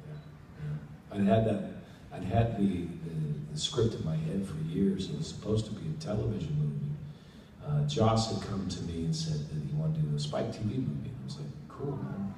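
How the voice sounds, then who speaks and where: A man's voice: deep voice, brisk. An American man answering fan questions at a convention panel, telling stories casually and acting out quotes with jokes. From United States. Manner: relaxed, joking, acts out quotes. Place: large convention hall. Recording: echoey hall, distant mic, noisy.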